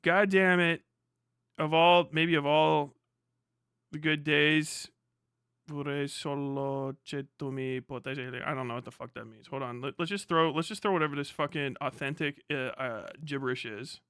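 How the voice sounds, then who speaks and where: Excitable, foul-mouthed male streamer. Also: on the high side, normal speed, clear, resonant tone, dry recording, clean studio sound. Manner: profane, excitable, laughs often. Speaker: live streamer. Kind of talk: casual live-stream chat.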